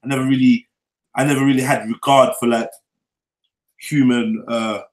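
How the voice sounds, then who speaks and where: A man's voice: mid-range voice, steady tone, moderate pace. A young man telling his own life story in casual street slang, often checking in with "you get me?". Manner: loose London street slang, frequent "you get me?" tag. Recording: echoey room.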